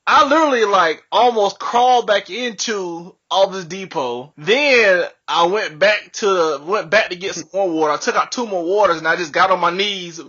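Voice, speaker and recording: High bright-voiced young man telling a story. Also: normal speed, few pauses, husky. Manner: animated, profane, laughs often. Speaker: podcast co-host. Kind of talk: casual storytelling. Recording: dull lo-fi podcast audio.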